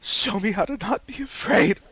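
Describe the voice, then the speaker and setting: A man's voice: sits high, normal speed, breathy edge, dry recording, muffled recording, voice pushed up, exaggerated voice. A man voicing a grief-stricken male character who screams through tears, his voice cracking as he cries out. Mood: screaming anguish. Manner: shouting desperately, voice cracking. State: crying.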